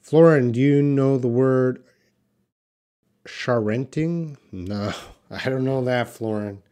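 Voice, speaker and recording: A man teaching English on a live stream, reading out viewers' questions and explaining words slowly and patiently. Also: medium pitch, dark tone. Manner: slow, patient, drawn-out explanations; reads viewer questions aloud. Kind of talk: live-stream English class answering chat.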